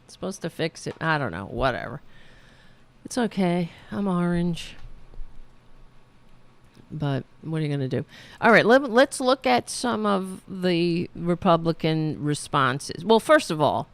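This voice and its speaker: A woman's voice: on the low side, animated, measured pace, dry recording. A woman hosting a political livestream, rambling casually with many fillers while losing her voice. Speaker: host of a political livestream show.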